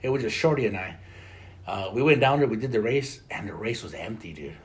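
Guy talking fast and lively, jokes around, some spanish mixed in. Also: on the low side. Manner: animated, joking, mixes in Spanish. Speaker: friend in group chat. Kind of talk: casual chat.

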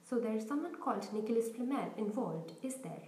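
Woman doing an eager young schoolboy wizard, earnest, mellow tone, echoey room. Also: on the high side, animated, brisk, slight background noise. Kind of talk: audiobook reading.

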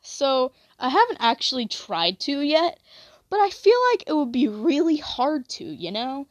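A woman's voice: sits high, sing-song, a little slow, no room sound. A young woman chatting casually, rambling with lots of "like" and self-corrections.

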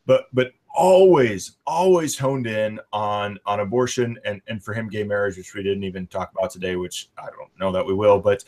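A man's voice: lowish voice, normal speed, hardly any pauses, darkish tone. A man co-hosting a discussion podcast, talking casually with lots of fillers and restarts. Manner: conversational, many fillers and restarts. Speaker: podcast co-host.

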